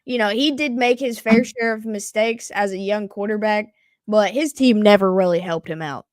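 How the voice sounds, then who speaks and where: A woman co-hosting a live game reaction stream, calling plays with excitement and laughing often. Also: medium pitch, normal speed, no echo. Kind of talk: live play-by-play and casual reaction.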